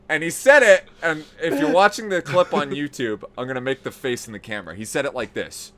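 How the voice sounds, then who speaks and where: A man telling a story on a podcast in casual, profane style, growing animated as it builds. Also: a little high, brisk, few pauses, background noise. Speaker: podcast host.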